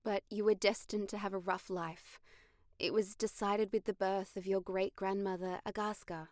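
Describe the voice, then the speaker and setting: A woman's voice: mid-range voice, fairly even intonation, moderate pace, no echo, clean studio sound, close to an everyday voice. A woman voicing a weary middle-aged queen and mother who speaks in a grave, subdued way. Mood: sorrowful. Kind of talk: audiobook dialogue reading.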